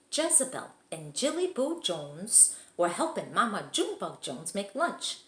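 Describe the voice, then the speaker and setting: Woman teacher narrating a picture book; animated, lively delivery in an echoey room. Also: medium pitch, normal speed, few pauses. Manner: expressive, animated read-aloud. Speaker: teacher reading aloud. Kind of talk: children's storybook reading.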